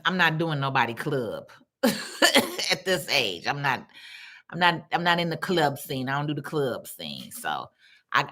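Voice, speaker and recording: A middle-aged woman, hosting a casual livestream and chatting through viewer comments. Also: rumbling low. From Chicago. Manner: chatty, animated, reads comments aloud. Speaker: livestream host.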